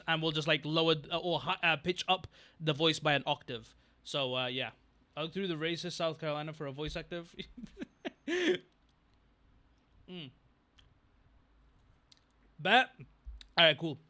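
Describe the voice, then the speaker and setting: A man's voice: on the high side, normal speed, long pauses, sharp tone, clear, resonant tone. A young man chatting casually on a livestream, rambling, getting distracted and thanking viewers from chat. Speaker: streamer.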